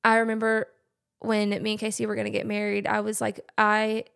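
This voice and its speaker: A woman's voice: medium pitch, monotone, a little fast, vocal fry, a bit bright, clear, resonant tone. A young woman, a podcast guest talking earnestly in a casual conversation. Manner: earnest, many "like" fillers.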